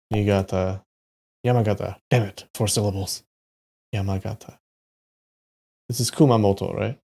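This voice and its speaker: Gravelly, slow-talking male streamer. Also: lowish voice, mellow, slight background noise. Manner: muttering place names to himself, with sudden frustrated outbursts and swearing. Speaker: live streamer. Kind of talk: casual live-stream commentary while playing a map quiz.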